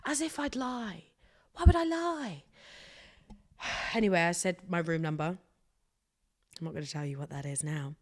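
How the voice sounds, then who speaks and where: A woman's voice: lowish voice, expressive, normal speed, long pauses. A woman hosting her own podcast, telling stories in a rambling, self-mocking way with sudden drops to a whisper. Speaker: podcast host. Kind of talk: casual solo podcast chat.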